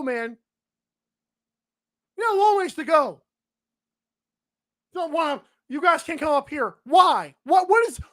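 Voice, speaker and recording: Male solo podcast host with a high-pitched voice; emphatic, sarcastic ranting. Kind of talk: solo sports podcast commentary.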